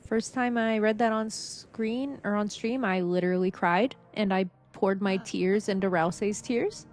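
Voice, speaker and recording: A woman's voice: medium pitch, a little slow. A young woman streaming a game, chatting casually and emotionally, laughing and swearing now and then. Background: faint game music.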